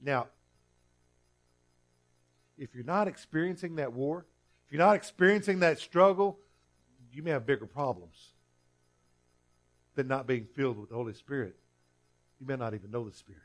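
A man's voice: mid-range voice, normal speed, long pauses, faint music behind. A male pastor preaching a sermon earnestly, often restarting and repeating himself.

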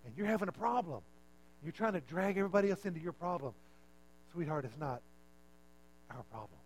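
High-voiced preacher, chatty and wry. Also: male voice, lively intonation, a little fast, slight background noise. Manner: conversational, self-mocking, drops voice for punchlines. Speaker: pastor. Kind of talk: sermon.

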